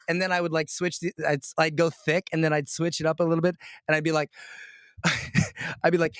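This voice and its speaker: On a casual call, a Floridian man coaches a client with blunt pep talk and a stream of rhetorical questions. He talks fast, and his voice is high for a man, a bit bright, and dry and close with no echo.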